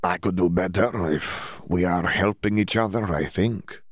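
A man's voice: low voice, measured pace, dry recording, studio quality. A man reading an audiobook voices an earnest young male student wizard who talks in stiff, formal phrasing with hesitations. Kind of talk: audiobook character voice.

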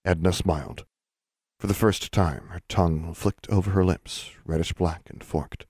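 A man reading a story aloud as audiobook narrator, in a steady, measured voice. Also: deep voice, breathy edge, no echo, clean studio sound. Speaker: audiobook reader.

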